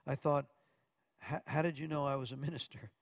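A man's voice: medium pitch, level tone, brisk, no room sound. A man preaching from Arkansas, earnestly telling a testimony story with quoted dialogue and occasional stumbles.

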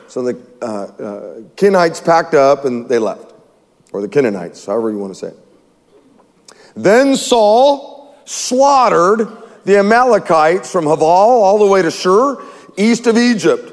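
A man's voice: sits high, sing-song, unhurried. A man pastor preaching a sermon, reading scripture aloud with wry asides and chuckles, in a church sanctuary. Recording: long reverb in a hall.

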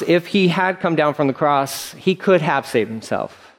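Animated pastor acting out scripture. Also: male voice, a little high, a little slow. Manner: animated, acts out mocking voices, conversational asides. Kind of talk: verse-by-verse sermon.

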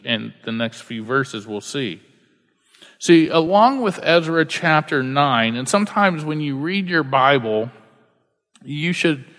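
A man's voice: medium pitch, a bit bright, long reverb tail. A male pastor preaching a verse-by-verse sermon, earnest and repeating key lines for emphasis.

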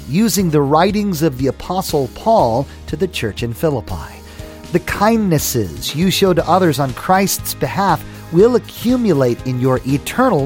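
A man's voice: fairly high pitch, darkish tone. A man reading a scripted introduction for a religious broadcast. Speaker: radio announcer.

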